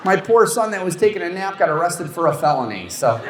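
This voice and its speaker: A middle-aged man tells self-mocking stories in a stand-up set, his pitch swinging widely as he works the crowd. The sound carries a long reverb, echoing through a large room from a stage mic. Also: fairly quick, few pauses. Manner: animated storytelling, self-mocking punchlines. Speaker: stand-up comedian. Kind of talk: stand-up routine with crowd work. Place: comedy show stage before a live audience. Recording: echoey hall with long reverb.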